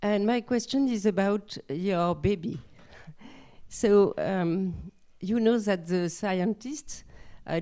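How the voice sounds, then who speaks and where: A woman with a French accent politely asking a question from the audience, halting and searching for words. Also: fairly low pitch, warm tone. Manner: halting and polite, with long pauses.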